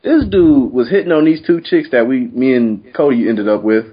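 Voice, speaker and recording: A man's voice: medium pitch, moderate pace, slightly rough, lo-fi sound. A man telling profane, funny stories in a casual chat, laughing often as he goes. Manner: animated, profane, laughs often mid-story.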